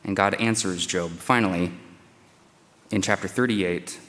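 A man's voice: low-pitched, measured pace, a bit bright. A man preaching through scripture, reading verses and acting out the speaker's pleas in a raised, dramatic voice. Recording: long hall reverb.

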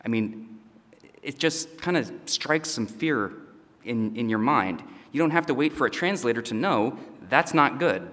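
A man's voice: medium pitch, a bit bright. A pastor preaching and reading scripture in a conversational way, often checking in with his listeners. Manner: conversational, asides with "okay?" and "all right?". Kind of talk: sermon teaching. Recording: long hall reverb.

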